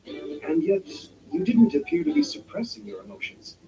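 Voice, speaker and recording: An actor playing an earnest, formal young male student in a video game, speaking in measured, sincere tones. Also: high voice, very animated, gravelly, heavily acted. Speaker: game character. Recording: game audio heard from far off over music.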